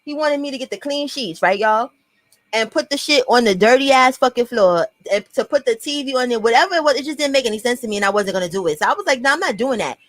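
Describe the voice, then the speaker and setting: A woman's voice: a little high, fast, no room sound, low-quality recording. A young woman with a New York accent telling a personal story to camera in a blunt, profane storytime vlog, talking straight to her viewers.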